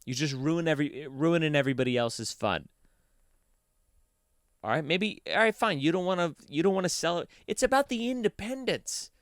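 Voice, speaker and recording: A man's voice: expressive, moderate pace, long pauses, no echo, studio quality. A young man hosting his own podcast, ranting casually with lots of swearing, recorded in a basement. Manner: profane, ranting, swings from heated to low and mumbled. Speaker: podcast host. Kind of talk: casual solo podcast rant.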